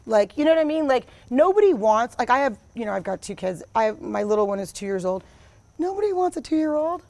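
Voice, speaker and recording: Woman, 30s, interview guest; blunt, emphatic, fairly high voice, heavy on fillers. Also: big pitch swings, a little fast, creaky, dark tone, no room sound. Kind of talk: candid personal conversation.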